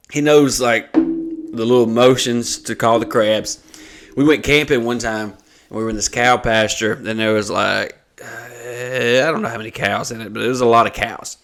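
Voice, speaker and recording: A man, co-hosting a podcast and telling a rowdy story in casual chat, swearing often and laughing as he goes. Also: mid-range voice. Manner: profane, laughing, animated storyteller. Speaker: podcast co-host.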